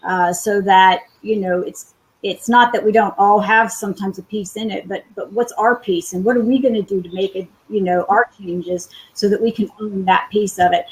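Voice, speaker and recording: Woman, guest coach, mid-range pitch, thoughtful, hesitant, live webinar. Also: steady tone, moderate pace, low-quality recording. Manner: thoughtful, many fillers and restarts. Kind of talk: reflective chat on a live webinar.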